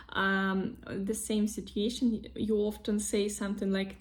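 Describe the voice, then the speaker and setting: Slow-speaking Russian-accented woman teacher. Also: medium pitch, level tone. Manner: slow, patient, repeats example words several times. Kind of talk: casual online language lesson.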